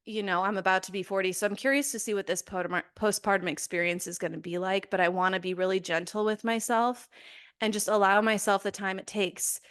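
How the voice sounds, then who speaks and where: A woman's voice: mid-range voice, a bit bright. A woman in her late thirties co-hosting a podcast, slightly out of breath and talking in a candid, enthusiastic way. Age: 30s. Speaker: podcast co-host. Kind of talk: casual chat.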